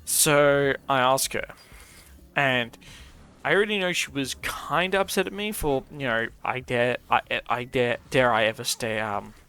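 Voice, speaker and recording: A man's voice: medium pitch, a little slow, bright, forceful tone, clear, resonant tone. A young man, casually telling a story while gaming, rambling and swearing with lots of fillers. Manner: rambling and profane, many fillers. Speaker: streamer. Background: faint music.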